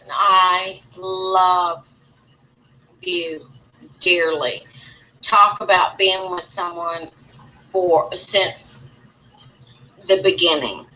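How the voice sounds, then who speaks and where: A woman talks slowly to her livestream viewers in a bright, forward voice. She rambles, restarts her sentences and keeps circling back, sounding aggrieved and emotional while she greets people in the chat. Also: lowish voice, poor audio. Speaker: livestream host. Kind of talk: casual livestream talk to viewers.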